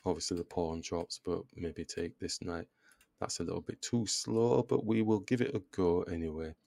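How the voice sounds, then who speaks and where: A deep, gravelly, warm-toned man mutters his way through a chess game move by move in casual live commentary, keeping a steady tone at normal speed. As a chess video creator, he's self-deprecating and groans at his blunders, heard through a close, dry microphone with no room sound.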